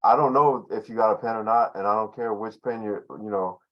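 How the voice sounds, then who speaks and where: Male teacher, lowish voice, easygoing and rambling over a dull lo-fi video call. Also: fairly quick. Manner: loose and conversational, many fillers and restarts. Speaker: language teacher. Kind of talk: casual online class teaching.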